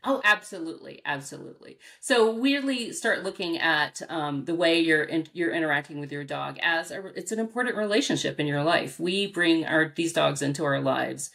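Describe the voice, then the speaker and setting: Animated American woman dog trainer. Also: normal speed, creaky, hardly any pauses. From United States. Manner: animated, acts out quoted reactions with big pitch jumps; frequent fillers and restarts, laughs often. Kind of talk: casual interview answers.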